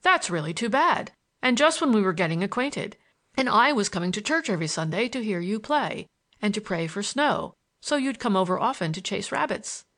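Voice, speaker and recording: A woman reading the lines of a smitten young gentleman in an audiobook, earnest and a little awkward. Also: mid-range voice, very animated, moderate pace. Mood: gallant. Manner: earnest, gallant, slightly awkward.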